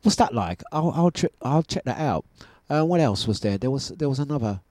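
A man hosting a breakfast radio show, chatting casually and telling animated stories with plenty of laughter. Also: mid-range voice, brisk, no room sound. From United Kingdom. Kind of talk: casual on-air chat. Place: radio studio.

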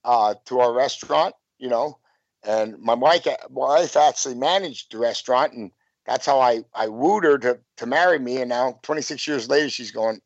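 A man's voice: mid-range voice, normal speed, no echo. A man in his fifties, a former wrestler, tells rambling stories in a casual interview, full of restarts and "you know". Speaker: guest, former pro wrestler. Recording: dull lo-fi, dry sound.

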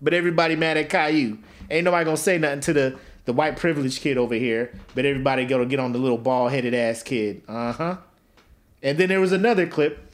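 A man co-hosting a comedy podcast, telling stories in casual, profane chat and acting out the people in them. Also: a little high. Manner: animated storyteller, acts out voices, profane. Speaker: podcast co-host.

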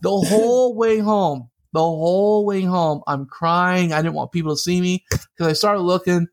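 A man and interview guest, telling a personal story in an animated way, often laughing and acting out the voices of others. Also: high voice, moderate pace. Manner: lively, laughing, acts out quoted voices.

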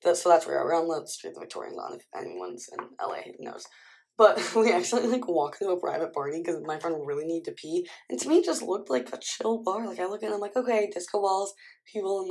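Chatting to camera while she gets ready at home, a vlogger in her twenties rambles casually and uses "like" heavily. She speaks on the low side, with vocal fry, a slightly mellow quality and a breathy edge.

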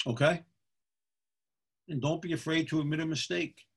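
A man's voice: a little high, normal speed, gravelly, slightly rough. A middle-aged man from Pennsylvania, a football official giving a folksy instructional talk to other officials, repeating his points and checking in with "okay?". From Pennsylvania, USA.

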